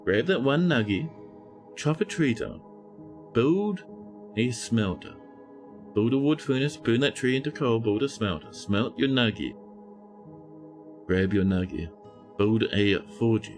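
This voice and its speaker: A man's voice: mid-range voice, animated, unhurried, pauses often, faint music behind. A man giving chatty live-stream commentary as he plays a game, talking to his chat and scolding the characters on screen. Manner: chatty, talks to chat while playing.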